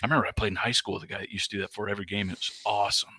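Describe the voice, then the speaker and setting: A man co-hosting a casual sports chat show, an animated storyteller who acts out yelling and sound effects. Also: lowish voice, very fast, slightly rough, dry recording, clean studio sound. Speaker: co-host.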